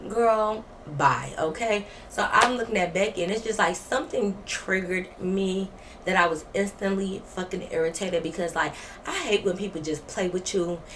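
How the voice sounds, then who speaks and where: A woman vlogger telling a story, animated, blunt and full of profanity. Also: mid-range voice, normal speed, noisy background. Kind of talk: storytime vlog.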